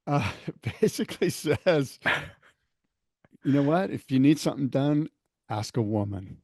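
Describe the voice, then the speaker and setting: A man's voice: medium pitch, a little slow, dry recording. Man, podcast co-host, joke-telling, dry sound. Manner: animated joke-telling with quoted voices. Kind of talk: casual chat, telling a joke.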